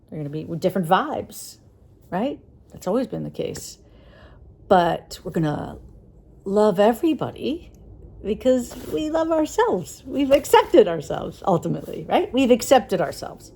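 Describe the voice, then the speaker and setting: A woman thinks aloud in a slow, unhurried vlog monologue. Her voice is low, mellow and gravelly, and she pauses often with soft fillers as she searches for words. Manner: musing, hesitant, many pauses and fillers. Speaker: vlogger. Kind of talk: reflective spoken monologue.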